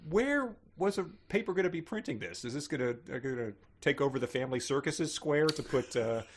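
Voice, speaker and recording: A man's voice: a little high, expressive, a little fast, slight background noise. A man co-hosting a podcast, making wry, sardonic jokes while discussing a novel. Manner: wry, joking, sardonic asides. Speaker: podcast co-host. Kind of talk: casual comedic book discussion.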